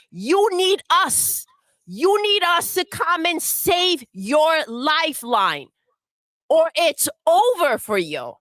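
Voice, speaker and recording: Very high-pitched woman ranting scornfully. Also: fairly bright tone, no echo. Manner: scornful, swearing, mocks with put-on voices. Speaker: livestream segment voice. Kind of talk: profane angry rant.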